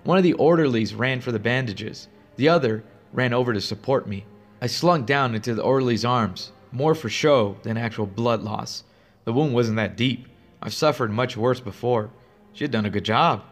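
Male horror narrator, steady and grave, mid-pitched, faint music bed. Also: normal speed. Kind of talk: first-person horror story narration.

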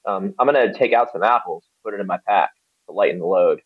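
Husky-voiced man playing a tabletop game. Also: low voice, quick pace, no echo, phone-quality sound. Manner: hesitant, jokey, restarts. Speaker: player.

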